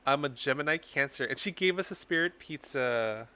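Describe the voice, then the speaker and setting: A man's voice: medium pitch, expressive, moderate pace, pushed and bright, clean tone, no room sound. A man hosting a casual tarot reading live stream, playful and teasing with his viewers.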